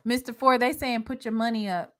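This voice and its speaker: A lively woman hosts a casual sports chat on a live stream, quizzing her guests with a teasing edge. Her voice sits fairly high and sounds dry and close to the mic, with no room around it. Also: fairly quick, dry recording. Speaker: host.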